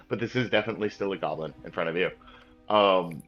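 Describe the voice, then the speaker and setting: A man with a low, bright and forceful voice runs a tabletop game, rambling through his narration with fillers and restarts. The sound is dull and lo-fi, with faint music underneath. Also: fast. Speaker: game master.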